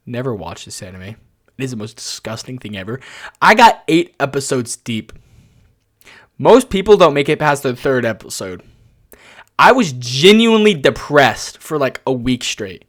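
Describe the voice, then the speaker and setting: A young adult man giving casual tier-list commentary, telling rambling, excitable stories padded with lots of "like". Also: medium pitch. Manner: excitable, rambling storyteller full of "like". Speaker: anime YouTuber.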